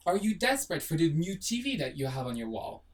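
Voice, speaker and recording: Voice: medium pitch, big pitch swings, brisk, recorded from a distance. A video host giving a blunt, sassy motivational monologue to camera, firing rhetorical questions and dropping casual swears. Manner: swears casually, apologizes jokingly.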